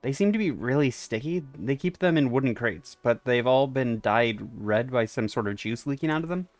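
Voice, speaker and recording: A man's voice: medium pitch, lively intonation, moderate pace, no room sound, faint music behind. A man who streams games, giving casual let's-play commentary and reading the dialogue aloud with wry asides. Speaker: game streamer.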